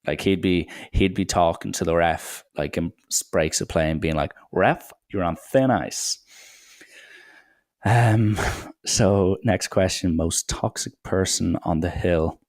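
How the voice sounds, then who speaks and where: A young man talks through a solo podcast episode in a low, gravelly voice. His delivery rambles and stays irreverent, and he swears freely. The sound is dry and close, with little room around it. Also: fairly even intonation, unhurried, darkish tone, dry recording. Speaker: podcast host.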